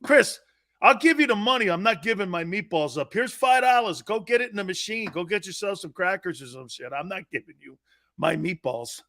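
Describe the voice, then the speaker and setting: High, bright-voiced laughing sports talk host. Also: male voice, a little fast. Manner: storytelling, animated, laughing hard at his own story. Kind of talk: casual live-stream chat reading viewer comments.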